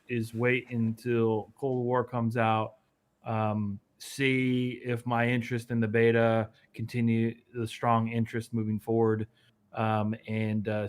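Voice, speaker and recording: A man co-hosting a casual gaming podcast from a remote line that sounds choppy and robotic, delivering dry, deadpan jokes. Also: mid-range voice. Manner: deadpan joking, dry sarcasm. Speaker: podcast co-host. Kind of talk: casual chat about video games.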